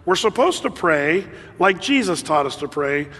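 High-voiced preacher in a reverberant hall. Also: male voice, normal speed. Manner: conversational, animated, with laughs and fillers. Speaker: pastor. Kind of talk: sermon.

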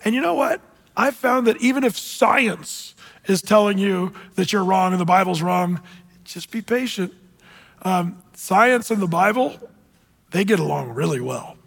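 A man giving an informal sermon as a pastor, halting in his talk and slowing down to read scripture deliberately. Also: high-pitched, vocal fry, slightly rough, in a large hall. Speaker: pastor giving a prophecy update.

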